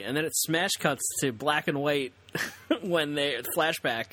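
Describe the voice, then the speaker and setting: A man's voice: medium pitch, measured pace, sharp tone, a little hiss or hum. A young man co-hosting a podcast in an easygoing, agreeable way, laughing as he recounts scenes. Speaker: podcast co-host. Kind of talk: casual chat.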